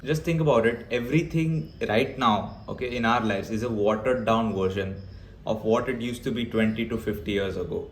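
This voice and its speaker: A man's voice: fairly low pitch, moderate pace, roomy sound, a little hiss or hum. A young man ranting bluntly and emphatically to camera as a vlogger, with frequent fillers. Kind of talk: opinionated talk to camera.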